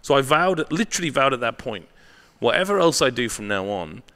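Brief: male guest, lively pitch, swears freely, punchy anecdotal delivery, checks in with "right?". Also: brisk. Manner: profane, animated storyteller with tag questions. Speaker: guest, marketing professor. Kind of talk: candid storytelling interview.

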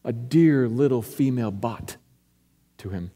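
An earnest male pastor preaching in a church, his mellow, dark voice ringing with a long hall reverb. He drops to near-whispers and then climbs to emphatic peaks as he lays out the text. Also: medium pitch, unhurried. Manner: earnest, swings from hushed to emphatic. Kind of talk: expository sermon. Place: church sanctuary.

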